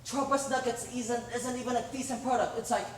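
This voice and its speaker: A woman's voice: steady tone, fairly quick, natural voice. A woman on stage playing a frustrated young male television actor who complains in an exasperated, whiny way. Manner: exasperated, whiny complaining with big pitch swings. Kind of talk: amateur stage play. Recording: distant echoey stage recording with faint hiss.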